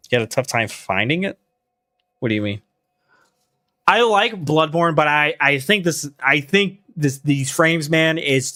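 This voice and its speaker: Animated young man streaming a game. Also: fairly high pitch. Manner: reactive, swearing, talks to himself and chat. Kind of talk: casual gaming commentary.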